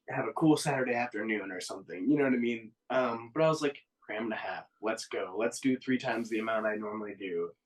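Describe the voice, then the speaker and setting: A man's voice: mid-range voice, distant mic, low-quality recording. A man in a band telling a tour story in casual podcast chat, laughing and acting out quotes with a raised voice. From Oklahoma. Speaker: band member, guest.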